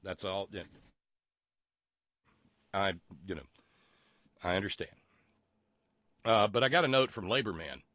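A man hosting a call-in radio show, blunt and profane, with halting restarts. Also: low voice, lively intonation, bright, forceful tone, dry recording. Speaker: radio talk show host.

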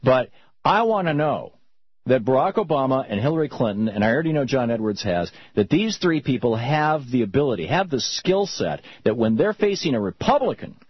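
A man hosting a call-in radio talk show, talking in an animated, opinionated way with frequent restarts. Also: mid-range voice, fairly quick, husky, dry recording, dull audio.

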